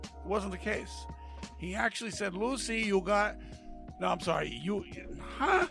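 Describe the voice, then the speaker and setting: High, gravelly man rambling on a podcast. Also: lively intonation, measured pace, a bit bright, faint music behind. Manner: rambling, heckling with jokes. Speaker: podcast co-host. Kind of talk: casual podcast banter.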